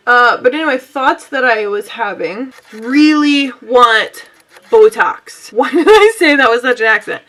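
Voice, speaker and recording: A young woman talks her way through a makeup look, rambling from one thought to the next and poking fun at herself. Her voice sits a little high and sounds bright and forward, and she keeps chatting casually to her viewers as she works. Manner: rambling, bubbly, self-mocking. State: sweaty and out of breath. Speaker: beauty vlogger.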